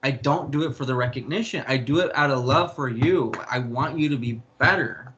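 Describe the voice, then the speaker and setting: Man, young adult, bright tense voice, candid interview talk, rambling, restarts, casual swearing. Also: mid-range voice, fairly quick, muffled recording, a little hiss or hum. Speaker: interview guest. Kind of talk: candid personal storytelling.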